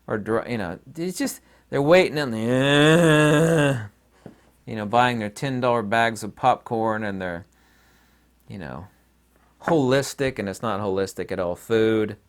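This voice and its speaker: A man's voice: on the low side, moderate pace. A man hosting his own channel, talking in a rambling, opinionated and folksy casual monologue. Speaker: channel host.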